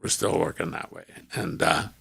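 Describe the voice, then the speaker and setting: An older man, a former radio host telling career stories as a podcast guest, animated and acting out the people he quotes. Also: low-pitched, moderate pace, vocal fry, breathy edge, no echo. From Canada. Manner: animated storyteller who acts out quoted dialogue. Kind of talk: storytelling in a podcast interview.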